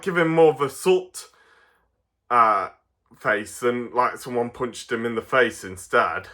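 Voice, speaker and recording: A man's voice: mid-range voice, pushed and bright. A man from England chatting through a toy review in a rambling, casual way, with lots of fillers and chuckles. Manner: rambling, full of fillers and restarts, chuckles often.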